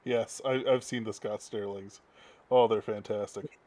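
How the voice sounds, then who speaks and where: A man's voice: on the low side, steady tone, a little slow, dark tone. A man hosting a podcast in casual chat, talking in a rambling, self-deprecating way. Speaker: podcast host.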